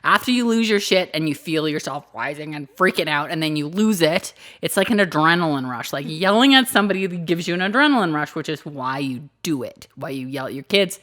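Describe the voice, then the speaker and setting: A woman's voice: low-pitched, lively intonation, a little fast, hardly any pauses, fairly bright tone. A woman co-hosting a podcast in casual chat, teasing her friend and laughing often. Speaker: podcast co-host.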